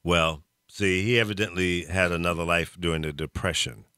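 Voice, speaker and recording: A man's voice: low voice, fairly even intonation, moderate pace, bright, forceful tone, clean tone, no room sound, studio quality. A man co-hosting a casual radio talk show, joking and teasing his co-host. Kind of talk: casual chat.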